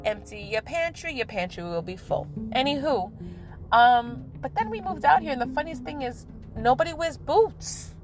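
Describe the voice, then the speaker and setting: A middle-aged woman chatting casually to camera in a vlog, talkative and laughing at herself with lively asides. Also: high-pitched. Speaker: vlogger.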